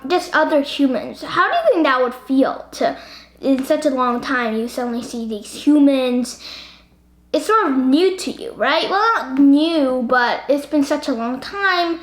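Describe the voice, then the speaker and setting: A woman's voice: sits high, a bit bright. A woman hosting a casual book discussion, chatty and rambling as she fires questions at her viewers. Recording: roomy echo.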